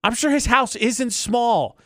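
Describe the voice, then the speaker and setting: A man's voice: very high voice, lively intonation, takes it slowly, fairly bright tone, no echo. A man in his thirties co-hosting a morning radio show, bantering in a jokey, rambling, playfully indignant way from a radio studio. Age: 30s.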